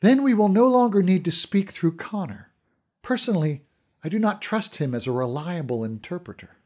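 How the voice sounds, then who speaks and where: Brief: a cool deadpan sorceress, put on by a male reader, quiet and calm. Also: high-pitched, normal speed, pitched above the performer's own voice. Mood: dry. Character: calm, dry-witted sorceress, woman.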